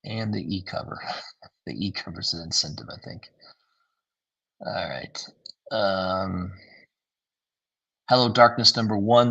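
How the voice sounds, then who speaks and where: A man's voice: low voice, expressive, moderate pace, vocal fry, pauses often, a bit bright, husky, muffled recording. A tired man giving a casual, rambling livestream review of new comics, with lots of fillers. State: tired, yawning.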